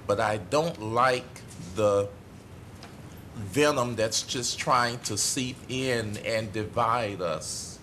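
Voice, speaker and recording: A middle-aged man giving a tearful, impassioned speech as a city commissioner at a council meeting, halting and apologetic. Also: lowish voice, sharp tone, slight background noise. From United States.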